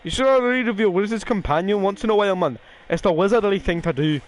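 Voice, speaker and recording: A man's voice: high voice, quick pace, a little hiss or hum, voice pushed up, lightly acted. A man putting on a chirpy, bossy male fairy sidekick voice, reading game dialogue aloud. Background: game music.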